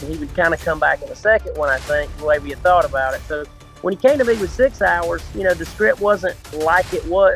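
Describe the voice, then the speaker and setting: A man with a Georgia Southern accent speaking casually over a video call from a front porch, relaxed and folksy. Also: a little high. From rural South Georgia, USA. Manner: relaxed, folksy, laughs easily. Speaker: actor guest. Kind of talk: casual interview.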